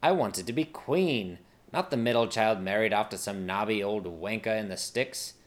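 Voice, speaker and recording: A man's voice: on the low side, normal speed, natural voice. A man voicing a ruthless, scheming young queen who sneers at her rivals. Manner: haughty, sneering.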